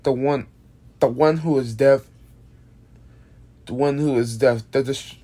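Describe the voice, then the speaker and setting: In a medium-pitched, steady, mellow voice, a tired video creator takes his time presenting his original monster. He yawns, wanders off track, restarts frequently, and drops swear words without a second thought.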